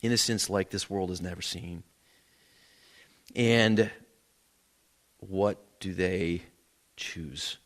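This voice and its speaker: A man's voice: low voice, slow, pauses often, fairly bright tone. A man preaching a sermon in a church, earnest, often repeating words as he builds a point. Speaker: pastor. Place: church sanctuary.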